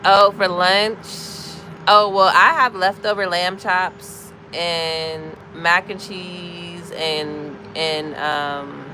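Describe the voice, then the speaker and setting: A woman's voice: lowish voice, steady tone, drawn-out words, background noise. A woman in her thirties with an American accent, chatting casually with viewers on a livestream, greeting people by name as she moves from one comment to the next. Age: 30s. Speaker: livestream host. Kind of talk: casual live chat with viewers.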